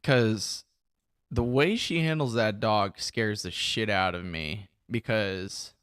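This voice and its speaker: A man's voice: lowish voice, takes it slowly, fairly bright tone, clean tone. A young man hosting a podcast, chatting casually and telling blunt, profane stories. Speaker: podcast host. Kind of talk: casual chat.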